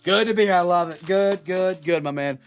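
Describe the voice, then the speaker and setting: A chatty young man hosts a live card-break stream and talks to viewers in an upbeat, friendly way. His voice sits a little high. Faint music plays behind him. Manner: upbeat, chatty, greets viewers by name, drawn-out hype calls.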